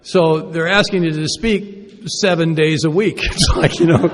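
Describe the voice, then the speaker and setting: A man's voice: fairly high pitch, fairly even intonation, a little slow. Self-deprecating man speaking in a hall. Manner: conversational, self-deprecating, asks the audience rhetorical questions. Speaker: recovery meeting speaker. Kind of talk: personal recovery talk. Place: conference hall. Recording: reverberant hall.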